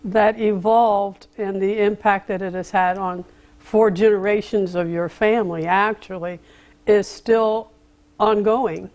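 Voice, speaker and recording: Woman interviewer, mid-pitched, measured and formal questions. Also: fairly even intonation, darkish tone. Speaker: interview host.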